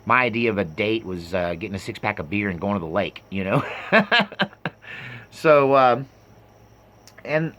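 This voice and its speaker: A man's voice: on the low side, animated, a little slow, long pauses, fairly bright tone. Rambling, self-mocking man in his fifties. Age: 50s. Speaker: storyteller. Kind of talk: personal storytelling.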